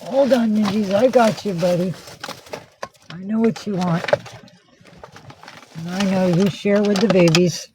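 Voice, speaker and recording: A woman's voice: medium pitch, fairly even intonation, unhurried, pauses often, noisy background. A woman vlogging in a casual livestream style, rambling, cooing to her pets and swearing casually, talking from inside a car.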